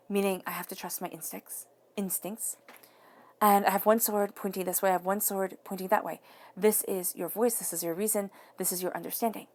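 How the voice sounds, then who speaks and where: A woman's voice: medium pitch, steady tone, normal speed, darkish tone. A woman giving an earnest, encouraging tarot reading to viewers, repeating phrases for emphasis. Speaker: tarot reader.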